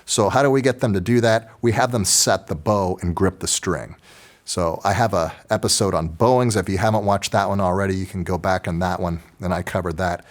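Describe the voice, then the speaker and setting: A man's voice: sits low, a little fast. A man, talking through an orchestra teaching lesson in a conversational, folksy way with joking asides. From Texas. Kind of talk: instructional video talk.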